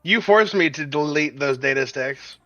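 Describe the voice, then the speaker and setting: A man's voice: fairly high pitch, normal speed, bright, forceful tone, lo-fi sound, soft background music. A man chatting casually with a friend while they play a game together, making playful, teasing remarks. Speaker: co-player friend. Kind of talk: casual gaming chat.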